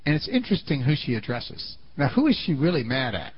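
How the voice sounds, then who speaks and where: A man's voice: medium pitch, big pitch swings, brisk, breathy edge, muffled recording. A man preaching a sermon in a dramatic storytelling style, often asking the audience questions.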